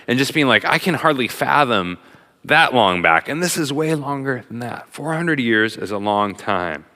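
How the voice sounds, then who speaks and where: A middle-aged man giving a sermon in a casual, animated way with lots of fillers, a father. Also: mid-range voice. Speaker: pastor. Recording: long hall reverb.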